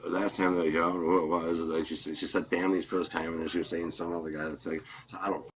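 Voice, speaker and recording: Low-voiced man rambling fast. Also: level tone, slight background noise. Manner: rambling, repeats what he said. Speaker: complainant. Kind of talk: real bodycam statement. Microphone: police body camera.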